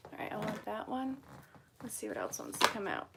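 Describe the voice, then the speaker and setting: A woman's voice: medium pitch, huge pitch swings, a little fast, creaky, very noisy. A woman from Vermont with an accent blending Vermont and New York, hosting a casual angel card reading and chatting with her viewers as she goes. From Vermont, USA. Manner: chatty, rambling, talks to viewers between cards. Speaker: angel card reader, host.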